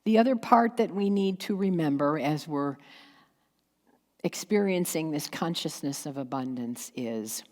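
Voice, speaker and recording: Slow-preaching woman pastor in echoing hall. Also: deep voice, expressive, darkish tone. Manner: slow, emphatic preaching with pauses and acted asides. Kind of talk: sermon. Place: church sanctuary. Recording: long hall reverb.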